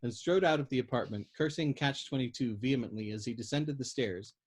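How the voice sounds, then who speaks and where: A man narrating a novel aloud at a steady storytelling pace, with the odd throat clear and slip. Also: medium pitch, brisk. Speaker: audiobook reader.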